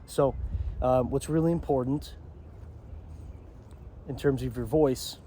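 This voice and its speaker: Male self-help vlogger, mellow dark voice, rambling outdoor talk, faint background hiss. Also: mid-range voice, steady tone, slow. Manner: rambling, asks "okay?" often. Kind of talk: walking outdoor vlog monologue. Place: outdoors beside a pond.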